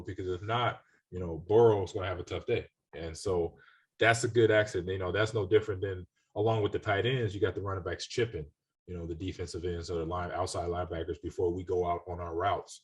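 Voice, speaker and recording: A man in his forties co-hosting a casual sports podcast, telling relaxed stories from his playing days. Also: lowish voice, husky. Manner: relaxed storyteller, quotes coaches, laughs easily. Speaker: podcast co-host, former NFL running back.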